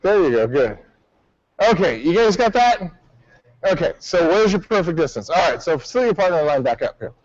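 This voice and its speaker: A martial arts instructor leads a class in a high-pitched male voice, barking out commands and drill counts. The sound is dry and slightly muffled, with no room echo. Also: big pitch swings, brisk, a little mellow.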